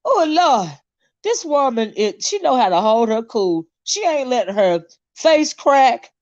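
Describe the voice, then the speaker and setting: A woman's voice: on the high side, a little slow, no room sound, dull audio. A woman, hosting a casual livestream, reading viewer comments and ranting with lots of swearing. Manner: animated, indignant, swears freely, reads chat aloud. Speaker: livestream host.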